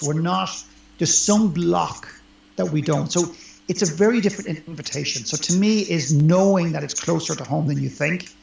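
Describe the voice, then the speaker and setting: Speaking as an interview guest, a life coach makes his points earnestly and emphatically in a conversational exchange. His voice is on the high side and creaky, with a little hiss or hum over a roomy, dull lo-fi recording.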